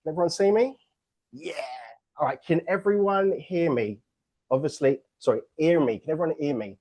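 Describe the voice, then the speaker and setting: A man's voice: fairly high pitch, moderate pace, darkish tone. A man from England with an English accent, hosting an online book launch on a video call in an upbeat, joking, playful way.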